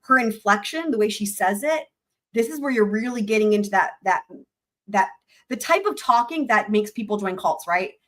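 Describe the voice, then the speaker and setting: A woman with a medium-pitched, fairly bright voice speaks at a moderate pace with lively intonation. She's hosting a live stream and reacting to a court clip, her commentary blunt, rambling and casual, packed with fillers and swearing.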